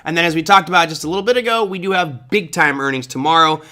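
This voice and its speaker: A man with a fairly high, pushed and bright voice talks quickly as he hosts a live trading show. He goes over charts and answers the viewer chat in a casual, chatty manner, thinking aloud with fillers during his live market commentary.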